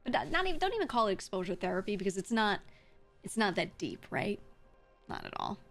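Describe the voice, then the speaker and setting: A woman's voice: mid-range voice, very animated, fairly quick, fairly bright tone, soft background music. A woman streamer chatting casually with her chat, giving blunt, frank advice with some swearing. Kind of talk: casual livestream chat, answering chat.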